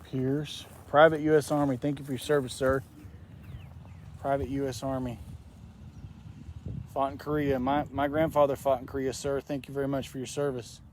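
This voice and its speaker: A man hosting a paranormal vlog, talking softly and reverently as he walks outdoors. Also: mid-range voice, level tone, normal speed, pauses often. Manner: soft-spoken, reverent, reads names aloud. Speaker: paranormal investigator host. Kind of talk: casual walking vlog narration. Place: outdoor cemetery. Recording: faint outdoor noise.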